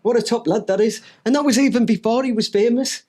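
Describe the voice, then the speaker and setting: A man's voice: very high voice, fast talker, dark tone. A Teesside man co-hosting a comedy podcast, telling rambling, enthusiastic stories. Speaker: podcast co-host.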